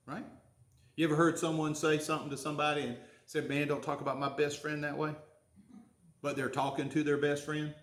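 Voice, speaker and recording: Folksy preacher, echoey room. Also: male voice, fairly high pitch, little pitch movement, brisk. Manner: folksy, conversational preaching with rhetorical questions. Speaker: pastor. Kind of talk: sermon.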